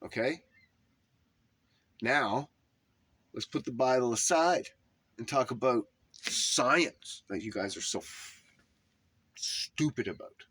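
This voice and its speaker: A man's voice: mid-range voice, lively intonation, takes it slowly, pauses often, fairly bright tone, husky. A man delivering a heated, profane rant, putting heavy emphasis on his words and tone. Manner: heated, emphatic, swearing often. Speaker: religious commentator.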